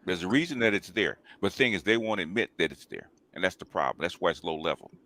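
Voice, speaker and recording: A male host speaks in a casual talk show manner with a deep, low voice. He makes his points emphatically and keeps pausing to check in with his listeners. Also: lively intonation, bright, forceful tone. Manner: emphatic, repeats "okay?" and "right?".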